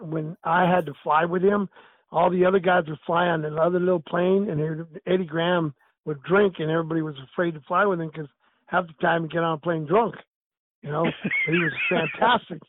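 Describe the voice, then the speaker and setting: A man's voice: a little high, fairly quick, dry recording. An older man, a retired wrestler, telling stories in a casual chat over the phone. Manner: storytelling, animated. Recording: tinny phone line.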